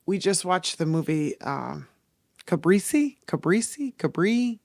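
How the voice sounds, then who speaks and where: Podcast host, earnest and emotional, gravelly fry in the voice, dry close sound. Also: medium pitch, big pitch swings, a little slow, darkish tone, dry recording. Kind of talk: personal reflective monologue.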